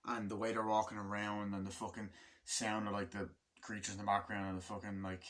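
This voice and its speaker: A man's voice: on the low side, flat delivery, brisk, a bit bright. A man talks through a war film in a loose, unscripted monologue. He rambles and swears constantly, and fills his sentences with ums and likes. He laughs easily as he goes. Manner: rambling, full of fillers and profanity, laughs often. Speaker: film reviewer. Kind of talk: casual film review monologue.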